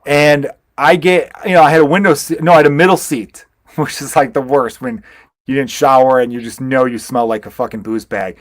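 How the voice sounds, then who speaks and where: A man's voice: medium pitch, steady tone, fairly quick, dry recording, clean studio sound. A man hosting a podcast, telling long rambling stories and swearing freely in casual chat. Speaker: podcast host, stand-up comedian.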